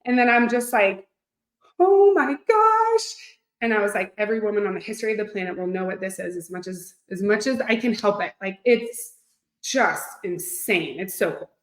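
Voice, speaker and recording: A woman in her thirties, a fitness coach, talking to her live audience in a gushing, excitable, chatty way. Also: medium pitch, a little fast. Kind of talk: live-streamed coaching talk. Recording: echoey room.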